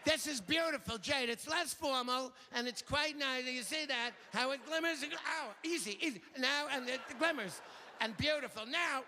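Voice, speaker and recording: A man putting on a high-pitched, pushy home-shopping jewelry seller with a sing-song sales patter. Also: normal speed, sharp tone, a little hiss or hum, heavily acted. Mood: gushing.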